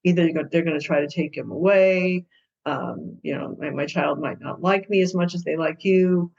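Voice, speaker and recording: A woman guest who works as a co-parenting mediator tells stories in an interview, acting out the people in them with lively, hesitant speech. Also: low-pitched, moderate pace, vocal fry. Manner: lively storyteller who acts out quoted people. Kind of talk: storytelling interview answers. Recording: dull lo-fi sound.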